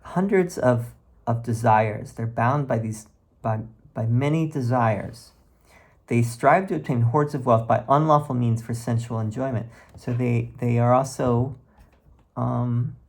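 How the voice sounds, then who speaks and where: A man gives a slow, unhurried lesson from his home, chanting verses and then talking through what they mean. His pace is deliberate, with frequent pauses and repeated words as he searches for his thoughts. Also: mid-range voice, darkish tone. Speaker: teacher reading and explaining scripture. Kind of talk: informal recorded lesson, reading verses aloud. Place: room at home.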